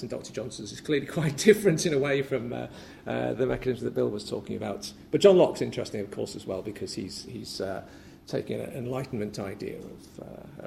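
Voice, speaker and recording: Man, academic speaker, conversational lecture, gravelly voice, lots of ums and restarts. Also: mid-range voice, a little mellow, a little hiss or hum. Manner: hesitant, many fillers and restarts. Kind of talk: conference paper talk. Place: lecture room at a symposium.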